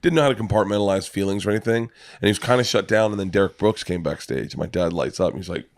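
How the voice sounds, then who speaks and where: A man's voice: low voice, fast talker, no echo, clean studio sound. A man, a comedian guest, telling a story in casual, profane talk. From Florida.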